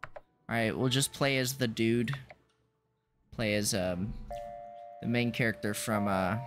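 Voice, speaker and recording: A man's voice: lowish voice, fairly even intonation, measured pace, music in the background. A man streaming a video game, chatting casually, thinking aloud and correcting himself as he goes. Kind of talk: casual gaming stream chat.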